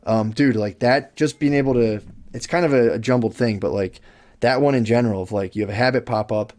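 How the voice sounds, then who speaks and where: A young man chatting on a podcast, rambling through long loose explanations. He restarts his sentences often, swears casually and keeps his pitch at an ordinary middle level. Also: fairly quick, a little mellow. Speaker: podcast co-host. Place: podcast studio.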